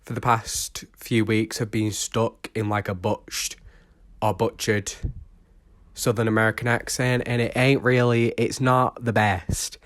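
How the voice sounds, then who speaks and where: A man's voice: lowish voice, flat delivery, unhurried, a bit bright, no echo. A young man chatting casually to camera as a vlogger, rambling and self-mocking, recorded on an old smartphone used as a microphone.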